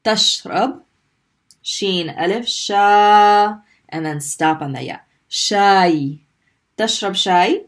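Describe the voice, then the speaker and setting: Woman teaching, slowly sounding out syllables. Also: mid-range voice. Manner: patient, drawn-out modeling of sounds between brisk explanations. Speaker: Arabic language teacher. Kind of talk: recorded online language lesson.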